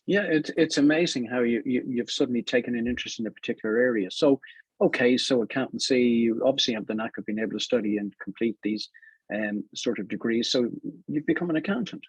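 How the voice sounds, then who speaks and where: Husky-voiced male radio host. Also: medium pitch, fast, dry recording, low-quality recording. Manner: conversational, guiding the guest with prompts. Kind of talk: radio interview. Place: radio studio.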